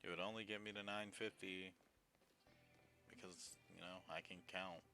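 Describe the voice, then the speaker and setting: A deep-voiced man talking his way through a live game stream. His tone is bright and forward, and he reacts in quick, offhand remarks. Soft game music plays behind him. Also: fairly even intonation. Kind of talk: live gameplay commentary.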